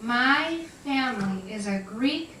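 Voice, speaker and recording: Woman doing a female house cat, matter-of-fact, bright voice, somewhat high, echoey room from a distance. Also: animated, slow, slight background noise, full character voice. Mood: confiding.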